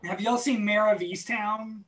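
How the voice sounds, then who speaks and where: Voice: medium pitch, fairly even intonation, measured pace, fairly bright tone, rough recording. A speaker in a casual podcast chat, chatty and rambling.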